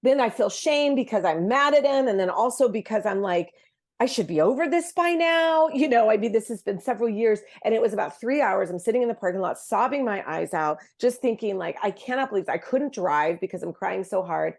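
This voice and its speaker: A woman's voice: medium pitch, a little fast, gravelly, few pauses, a little mellow. A woman, a guest on a Christian podcast, telling a personal faith story in an earnest, heartfelt way, often restarting her sentences. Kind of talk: casual Christian podcast conversation.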